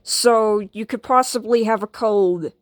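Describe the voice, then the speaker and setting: A woman playing the calm, patient owner in a homemade skit, speaking in a low-key way. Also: unhurried, no echo, clean studio sound. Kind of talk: homemade skit role-play.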